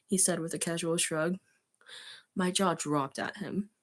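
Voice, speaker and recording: A woman's voice: fairly low pitch, a little slow. A woman streaming, reading fan fiction aloud and giggling between passages. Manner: giggly, breaks off to comment.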